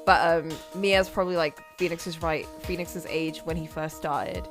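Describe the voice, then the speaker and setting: A woman's voice: deep voice, fairly even intonation, a little slow, over music. A woman streamer in casual game chat, chatty, speculative and giggly. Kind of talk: casual let's-play chat.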